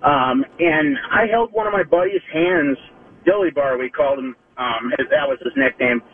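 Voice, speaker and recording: Male veteran caller, high and lively voice, husky, thin phone line. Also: crowd noise. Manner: emotional, halting, angry. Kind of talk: call-in to talk radio. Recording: tinny phone line, distant.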